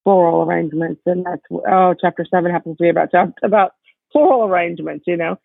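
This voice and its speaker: A woman's voice: lowish voice, quick pace, gravelly, husky, dry recording. A woman guesting on a podcast over a call, chatting casually and easily. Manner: chatty, laughing. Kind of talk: casual conversation. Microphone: remote call. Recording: tinny phone line call.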